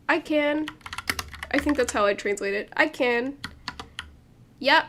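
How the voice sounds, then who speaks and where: A woman's voice: sits high, unhurried, long pauses, background noise. Chatty woman streamer thinking aloud. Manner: thinks aloud with many fillers and restarts. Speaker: streamer translating a manga. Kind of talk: casual livestream commentary.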